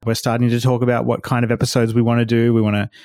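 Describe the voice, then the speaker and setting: A man's voice: medium pitch, level tone, very fast, a little mellow, dry recording. A man hosting a casual podcast call, laughing often between lines. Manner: laughs often, asks guests to repeat lines for the edit. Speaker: podcast host. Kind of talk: casual group chat over a call.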